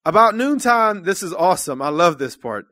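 A man preaching a sermon to his congregation. His delivery is earnest and conversational, and it swells into loud calls to the room. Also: high voice, big pitch swings, normal speed, dry recording, clean studio sound. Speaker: church minister.

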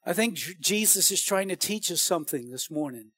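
A man preaching a sermon as pastor, animated and calling out to the congregation. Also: high voice, brisk, breathy edge.

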